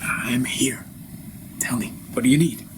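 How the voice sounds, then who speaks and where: A man's voice: medium pitch, steady tone, unhurried, in a whisper, close to an everyday voice. A man voicing a humble, eager male translator who talks deferentially and keeps repeating himself, recorded inside a vehicle.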